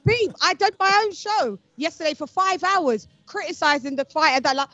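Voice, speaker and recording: A woman on a boxing panel with a high, sharp voice, heated and argumentative. She fires back in quick bursts. The sound is dry and dull, like lo-fi remote audio. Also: expressive, no echo. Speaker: guest host.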